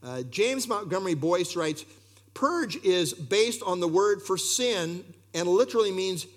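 Guy preaching a sermon, voice up high and swooping all over, asks the crowd lots of questions. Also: measured pace. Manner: expressive, rhetorical questions, occasional fillers.

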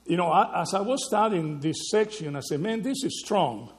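A man preaching a sermon, teaching slowly and emphatically, often checking in with the listeners with a quick question. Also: a little high, a little mellow, big-room sound. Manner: slow, emphatic teaching with frequent rhetorical "right?" checks.

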